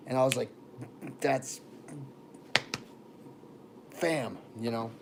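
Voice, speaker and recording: A man's voice: mid-range voice, takes it slowly, long pauses, background noise. Chatty man rambling on a livestream. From born in Texas, raised in Florida. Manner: rambling, chatty, greets viewers by name. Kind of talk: casual livestream chat.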